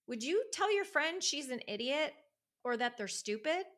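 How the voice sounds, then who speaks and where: A woman speaking as a divorce recovery coach in a casual podcast conversation, emphatic and animated, acting out quoted voices. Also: high-pitched, moderate pace. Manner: emphatic, fired up.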